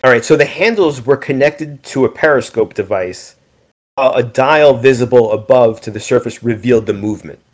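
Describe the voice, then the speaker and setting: A man's voice: medium pitch, moderate pace. A man co-hosting a casual podcast, explaining facts in a dry, matter-of-fact way. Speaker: podcast co-host. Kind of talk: casual chat.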